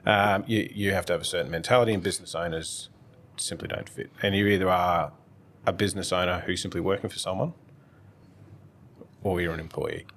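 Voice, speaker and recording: Man, podcast guest, accountant, measured advice, very low voice, gravelly. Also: fairly even intonation, fairly bright tone, slight background noise. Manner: measured, reflective, advising. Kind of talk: casual conversation.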